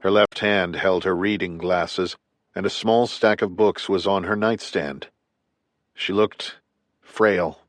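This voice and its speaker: A man narrating a thriller audiobook in a steady, even storytelling delivery. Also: low voice, slow pace, dry recording.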